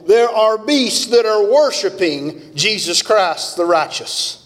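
A man's voice: high-pitched, big pitch swings, takes it slowly, fairly bright tone. A man preaching a revival sermon in a church, fervent and emphatic. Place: church sanctuary. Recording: long church-hall reverb.

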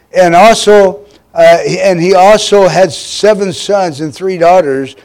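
A man's voice: high voice, darkish tone. A man preaching a sermon as pastor, earnest, full of fillers and rhetorical questions.

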